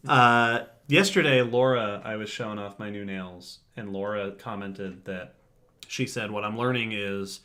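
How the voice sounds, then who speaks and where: Bright-voiced, chatty man co-hosting a podcast. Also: lowish voice, unhurried. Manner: rambling, laughs often, reads chat comments aloud. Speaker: podcast co-host. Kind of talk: casual livestream sign-off chat.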